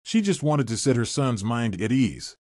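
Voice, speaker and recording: A man narrating a scripted story in an even storytelling delivery. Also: medium pitch, normal speed, no room sound, clean studio sound.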